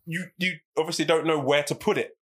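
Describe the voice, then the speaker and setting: A man's voice: on the high side, fairly even intonation, a little fast, a bit bright, breathy edge. A man co-hosting a casual podcast, blunt and sweary, acting out little scenes, recorded on a studio microphone. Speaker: podcast co-host.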